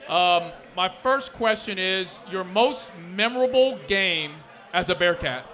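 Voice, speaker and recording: Man, podcast host, high voice, casual joking interviewer, live in a restaurant. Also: measured pace. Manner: joking, animated questioner.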